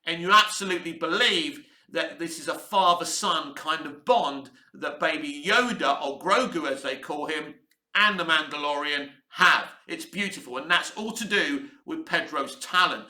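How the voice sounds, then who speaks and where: A man's voice: a little high, normal speed, sharp tone, echoey room. A man giving a blunt, candid TV review to camera, swearing freely. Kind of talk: casual opinionated review to camera. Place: room where he is based, in Cyprus.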